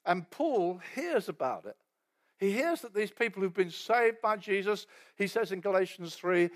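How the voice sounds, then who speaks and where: A man preaches a sermon like he's telling a story in conversation, often slipping into soft asides and acting out quoted voices. His voice is high and very animated, at a moderate pace.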